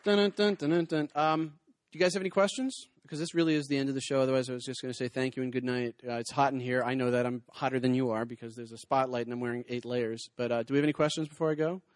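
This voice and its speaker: Man, stand-up comedian, rapid patter, dry close sound, rambling crowd work, self-deprecating. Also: mid-range voice, steady tone, dry recording. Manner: rambling, self-deprecating, quick asides to the audience. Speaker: comedian and cartoonist. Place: small hot venue with a spotlight.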